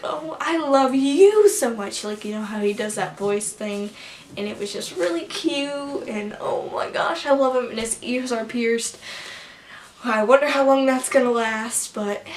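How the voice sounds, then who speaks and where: A young woman vlogging a casual story, gushing and excitable, rambling with lots of fillers. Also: a little high. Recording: roomy with faint background noise.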